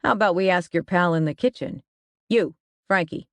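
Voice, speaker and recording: A narrator voicing a gruff, threatening male police detective in a dry audiobook recording. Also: medium pitch, moderate pace, dry recording, lightly acted. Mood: hard. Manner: growling, threatening.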